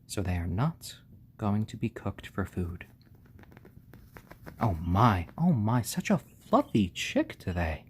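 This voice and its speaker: A man hosting a casual live stream, talking gently and fondly to his baby chicks and thanking viewers. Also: lowish voice, sing-song, slow, a little hiss or hum. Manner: gentle, doting, talks softly to the chicks.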